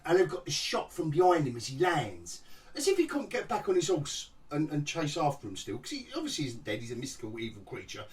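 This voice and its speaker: A man's voice: a little high, huge pitch swings, a little fast. A man rambles through a sarcastic review of a TV episode, his voice leaping up and down as he mocks it. He restarts sentences and chuckles at the show. He sounds slightly distant from the microphone. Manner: mocking, rambling, restarts often, laughs at the show. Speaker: TV review vlogger. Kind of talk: sarcastic casual review rant.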